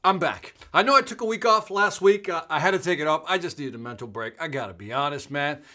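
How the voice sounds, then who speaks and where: Male host, middle-aged, bright energetic delivery, calls out live-chat viewers by name, casual tone. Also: on the high side, quick pace. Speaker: host of a live sales show.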